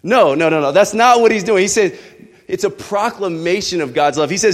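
A man's voice: high voice, brisk. Preaching man in an echoey hall. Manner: animated preaching with rhetorical questions. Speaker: pastor. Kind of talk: sermon. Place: church hall.

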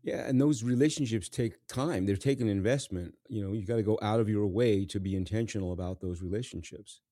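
Mellow low-voiced male host, chatty. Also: brisk, no room sound, clean studio sound. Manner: warm-hearted, chatty, laughs often. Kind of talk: casual interview chat.

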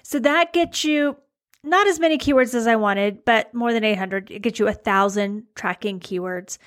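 Her voice is a little high and a bit bright, moving at a moderate pace. This blogging coach gives a chatty, casual video talk to her followers, full of fillers and repeated emphasis.

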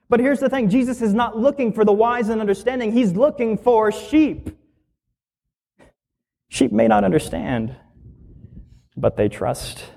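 A male minister delivers a sermon in a fairly high voice. He preaches with energy and emphasis, firing off rhetorical questions and drawing out the phrases he wants to land. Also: darkish tone.

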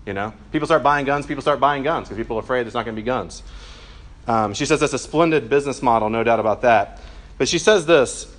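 A young adult man, a pastor, giving a sermon in a relaxed, conversational way, with frequent filler words and quick self-corrections. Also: medium pitch.

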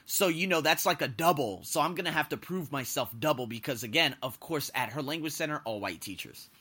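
A young man hosts his own podcast, telling personal stories in a loose, animated monologue. His voice sits a little high and very bright, and it leaps up and down as he gets into a story. He swears freely and breaks into laughter at his own anecdotes. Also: fairly quick, breathy edge. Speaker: podcast host.

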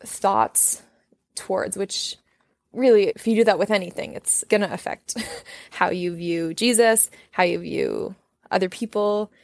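A woman's voice: mid-range voice, a little slow, creaky, no room sound. Young woman guest, earnest and reflective, casual faith chat, dry close sound. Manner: earnest, reflective, frequent "like" and "you know". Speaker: guest sharing her story.

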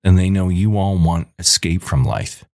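A man in his forties with a low voice rants hard as a podcast host. He is angry and emphatic, hammers his points home by repeating them, and is recorded in a dry, close setting. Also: normal speed, gravelly, a little mellow, dry recording. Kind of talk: ranting monologue.

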